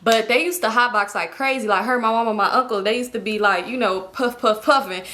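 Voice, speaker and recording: Animated young woman telling a story. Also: on the high side, brisk. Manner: animated, slangy, laughing storyteller. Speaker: storytime vlogger. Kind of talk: casual storytelling to camera.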